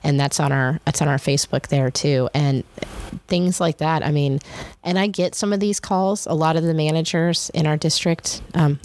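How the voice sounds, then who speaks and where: A woman's voice: deep voice, a little mellow, no echo. A woman hosting a podcast, talking casually and rambling with restarts and fillers. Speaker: podcast host.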